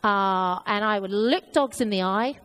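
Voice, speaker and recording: A woman's voice: mid-range voice, measured pace, a bit bright, clear, resonant tone, low-quality recording. A woman preaching a sermon, telling a personal story in an earnest way with many fillers and restarts.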